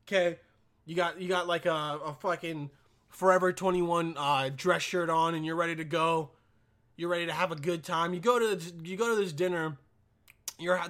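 High, bright-voiced young man ranting. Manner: profane, keeps asking "all right?"; stumbling repetitions. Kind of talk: casual profane rant.

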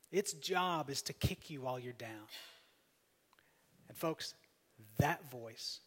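A man preaching a sermon as pastor, emphatic, swinging between loud appeals and soft, quiet asides. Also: on the high side. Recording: long hall reverb.

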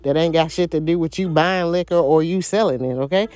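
A woman's voice: low voice, brisk, mellow. A woman in a casual monologue rant, blunt, heavily profane, rambling and repeating herself.

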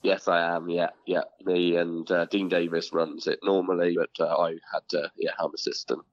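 Very deep-voiced man, dry lo-fi sound. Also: flat delivery, normal speed. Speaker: assistant football manager, guest. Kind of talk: podcast interview.

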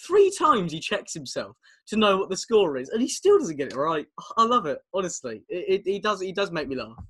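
Young guy chatting footy on a call, laughs a lot, slightly high voice. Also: very animated, a little fast, sharp tone, breathy edge. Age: young adult. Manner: chatty, laughs often, teasing. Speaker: podcast co-host. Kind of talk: casual football podcast chat. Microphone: video call.

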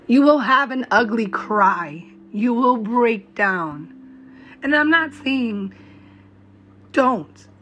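A young mother vlogs to camera in a voice that is a little high and a bit bright, with lively intonation, giving a blunt, profane, encouraging and heartfelt monologue in slow, emphatic phrases. The slightly dull lo-fi recording has slight background noise and faint music behind.

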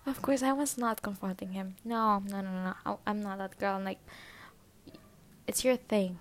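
A woman's voice: mid-range voice, fairly even intonation, a little slow, a little hiss or hum. A young adult woman telling a personal story in casual chat, swearing often, leaning on fillers and sometimes dropping to a whisper.

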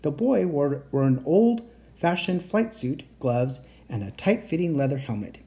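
An audiobook reader giving an expressive storybook narration. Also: medium pitch, a little slow. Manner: expressive, animated reading.

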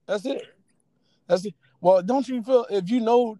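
A man co-hosts a casual podcast. He talks with animation, laughing and teasing as he goes. His voice sits fairly high and sounds dry and close. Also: fairly quick, dry recording. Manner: animated, laughing, mocking impressions. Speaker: podcast co-host. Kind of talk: casual chat.

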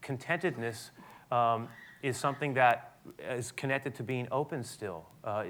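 A man preaching a sermon, animated, building to loud emphatic peaks and dropping to soft tones, often restarting his sentences. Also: mid-range voice, measured pace. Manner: frequent restarts and repetitions. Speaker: pastor.

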